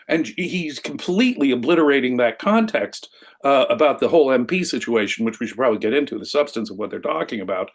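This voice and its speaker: A man who is a lawyer, co-hosting a show and arguing his point in a deliberate, reasoned way. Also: fairly high pitch. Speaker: lawyer co-host. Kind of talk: casual commentary.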